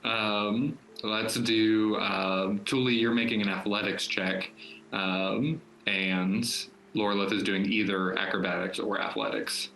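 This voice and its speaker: A man's voice: fairly low pitch, fairly even intonation, slow, pushed and bright, a little hiss or hum. A man running a tabletop game as game master, easygoing and accommodating with his players. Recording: roomy echo.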